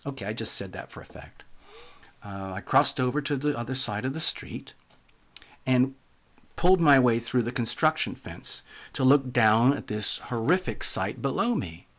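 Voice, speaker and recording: A man telling a spooky first-person story in a calm, measured way, often trailing off softly. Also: mid-range voice.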